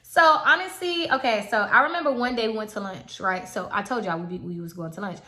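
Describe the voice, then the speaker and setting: A young woman in her twenties, a vlogger, chats casually while telling a personal story, quoting others in acted voices. Her mid-range voice is brisk, bright and forceful, and the room she records in is echoey.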